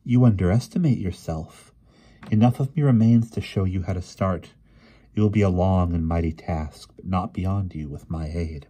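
A man reading aloud, voicing an ancient, gentle but firm sorceress spirit in a storybook. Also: sits low, normal speed, breathy edge. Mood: solemn.

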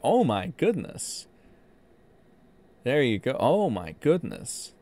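A man hosting a casual livestream, rambling and profane, in animated commentary. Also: mid-range voice, takes it slowly, long pauses. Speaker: streamer host.

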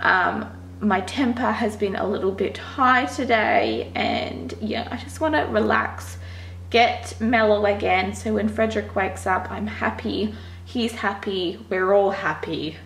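A woman's voice: medium pitch, animated, measured pace, vocal fry, a bit bright, a little hiss or hum, poor audio. A young Australian woman chatting casually to viewers in a home vlog, recorded on a handheld camera. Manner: chatty, confiding to viewers, drops to a whisper at times. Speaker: vlogger mum. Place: house and backyard.

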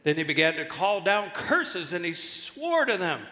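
A male guest pastor preaching a sermon with animated delivery and jokes, in a large church hall. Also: sits high, unhurried, hardly any pauses. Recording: echoey church hall with long reverb.

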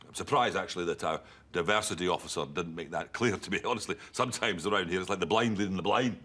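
A man playing a pompous, over-apologetic bald police chief with a Scottish accent, giving a stiff, deadpan press statement. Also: low voice, fast, breathy edge, heavily acted. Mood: solemn.

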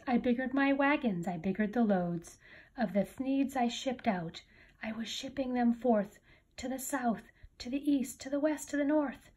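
A woman's voice: a little high, darkish tone. A woman reading a rhyming picture book aloud with a rhythmic storybook delivery. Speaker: reader.

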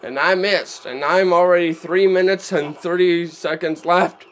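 A man's voice: high-pitched, steady tone, a little slow, a bit bright. A man streaming live gameplay commentary, chatty and easily exasperated, laughing often at what happens on screen.

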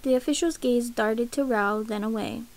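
Gravelly woman reading a novel aloud. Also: on the high side, normal speed, darkish tone, poor audio. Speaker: narrator.

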